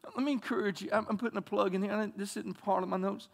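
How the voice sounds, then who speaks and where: A man's voice: high-pitched, steady tone, quick pace, vocal fry. A man preaching a passionate sermon as pastor in a church, often repeating words as he builds. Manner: impassioned preaching with frequent word repeats.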